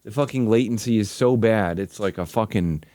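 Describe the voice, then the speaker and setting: A man hosting a live stream, ranting with heavy swearing and swinging between loud outbursts and low mutters. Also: normal speed, dry recording. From Michigan. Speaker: livestream host. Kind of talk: casual stream commentary.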